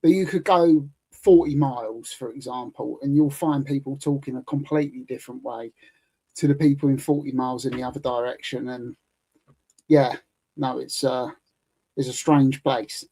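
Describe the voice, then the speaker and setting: A man's voice: medium pitch, fairly even intonation, moderate pace, dark tone, rough recording. A British man in his thirties, talking as a guest in a loose, chatty way with plenty of fillers. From United Kingdom. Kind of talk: casual chat.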